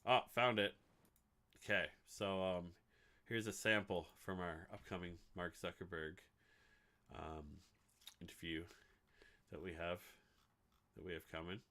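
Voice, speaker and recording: A man's voice: sits low, steady tone, unhurried, long pauses, pushed and bright. Rambling, chatty male streamer. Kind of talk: casual live-stream chat while building a website. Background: music playing.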